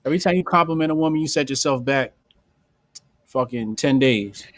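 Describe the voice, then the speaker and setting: A man hosting a casual podcast, talking bluntly in slang and acting out quick bits of dialogue. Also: medium pitch, a bit bright, no echo. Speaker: podcast host.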